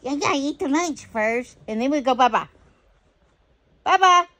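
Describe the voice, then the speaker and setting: A woman's voice: high-pitched, expressive, normal speed, a bit bright, dry recording. A woman filming a casual home vlog, talking baby talk to her dog. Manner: singsong baby talk to a pet. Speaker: vlogger.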